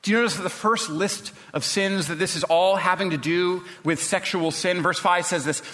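Fairly high-voiced male pastor preaching. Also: moderate pace, hardly any pauses, fairly bright tone, in a large hall. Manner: conversational, with restarts. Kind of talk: sermon.

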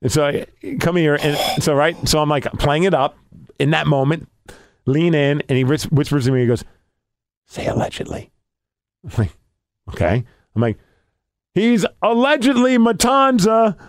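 Animated man telling a story, dry sound. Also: a little high, a little fast, dry recording. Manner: animated storytelling, acting out quoted lines. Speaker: podcast co-host and storyteller. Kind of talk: casual podcast chat.

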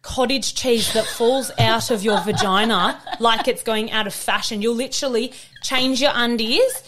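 A woman's voice: fairly high pitch, a little slow, noisy background. A young Australian woman co-hosting a casual chat podcast. She tells stories with energy, swears freely and acts out the lines of the people she quotes. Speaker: podcast co-host.

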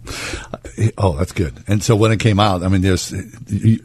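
A man's voice: low voice, fairly even intonation, moderate pace, a little mellow, breathy edge. Jovial man in his sixties co-hosting radio. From Pittsburgh. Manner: jovial, self-deprecating storyteller. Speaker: radio show co-host. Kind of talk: casual radio banter.

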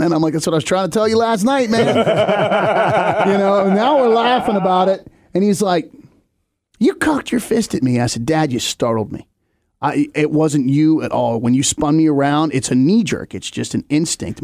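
Gravelly middle-aged podcast storyteller. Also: male voice, fairly high pitch, no echo, studio quality. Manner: animated, laughs often, acts out voices in his story. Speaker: podcast co-host. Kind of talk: casual storytelling.

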